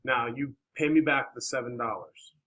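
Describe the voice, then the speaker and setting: Bright-voiced encouraging male math teacher. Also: medium pitch, moderate pace, rough recording. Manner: encouraging, coaxing questions, many "all right"s. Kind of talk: classroom teaching. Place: classroom.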